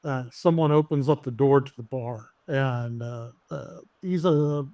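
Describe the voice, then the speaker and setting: A man's voice: medium pitch, unhurried, warm tone, dry recording. A man narrating as game master in a tabletop game, full of fillers and restarts. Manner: hesitant, many fillers and restarts.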